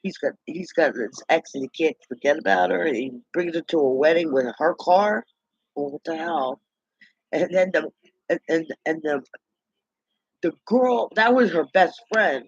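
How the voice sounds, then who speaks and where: A man's voice: a little high, unhurried, vocal fry, slightly rough, no echo. A man in a rambling, indignant gossip monologue, talking to himself. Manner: chatty, indignant, talks to himself. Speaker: vlogger. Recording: dull lo-fi dry recording.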